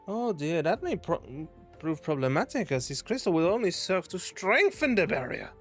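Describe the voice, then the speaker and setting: A pompous, long-winded male scholar, played by a man doing a put-on French accent, boasts in a slightly high, lively voice that swoops up and down. The speech is fussy and over-formal. Soft game music plays faintly in the background. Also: normal speed.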